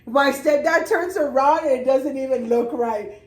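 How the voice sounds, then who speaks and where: A woman with a high, bright voice chats casually and tells stories with lots of laughter and frank swearing. The room around her is echoey. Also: moderate pace. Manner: laughing storyteller, swears freely. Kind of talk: casual chat.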